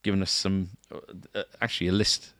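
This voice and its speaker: A man's voice: low voice, little pitch movement, a little fast, a bit bright, no echo, studio quality. A man co-hosting a casual shop podcast, chatty and rambling, laughing easily. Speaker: podcast co-host, guitar shop staff. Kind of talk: casual chat.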